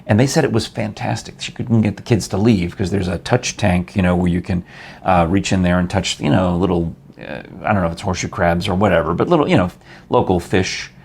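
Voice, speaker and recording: A man's voice: low voice, brisk, creaky, a little mellow, husky. An older man from New York hosting a casual interview show, chatty and rambling, laughing often. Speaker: talk show host.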